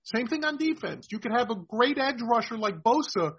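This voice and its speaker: A man with a high, husky voice hosts a casual sports podcast and explains things at length, tagging his points with "right?". The sound is dull and lo-fi. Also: animated, moderate pace, a bit bright. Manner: explanatory, keeps adding "right?". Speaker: podcast host.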